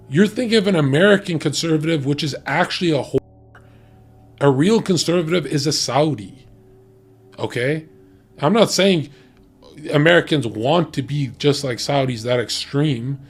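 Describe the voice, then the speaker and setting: A man's voice: on the high side, breathy edge. A man talking bluntly and profanely in a heated, ranting casual chat about dating. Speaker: podcast guest giving dating opinions.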